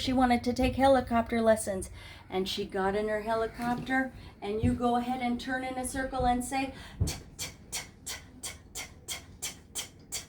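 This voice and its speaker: A woman's voice: medium pitch, a little mellow, a little hiss or hum. A woman teaching preschool phonics, telling little stories and making playful sounds and voices for each letter. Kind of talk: storytelling phonics lesson for young children. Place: classroom.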